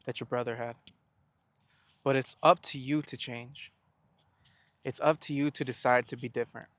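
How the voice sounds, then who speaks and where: A man's voice: mid-range voice, no echo. Earnest young man, dry close sound. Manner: earnest, asks rhetorical questions and answers them; stammers and restarts words. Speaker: self-help vlogger. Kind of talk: reflective motivational monologue.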